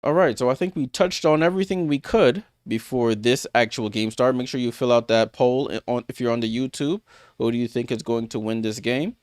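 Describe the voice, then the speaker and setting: A man's voice: medium pitch, brisk, a little mellow, no echo, studio quality. A man hosting a live sports watchalong, recapping scores in a loose, chatty way with lots of fillers and answering viewers by name. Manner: loose, filler-heavy recap with many restarts. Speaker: watchalong host. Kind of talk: casual live-stream commentary.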